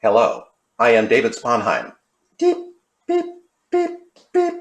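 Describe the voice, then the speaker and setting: A man voicing a stiff male robot that speaks flatly and beeps. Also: mid-range voice, slow pace. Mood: mechanical. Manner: flat mechanical delivery with beeping.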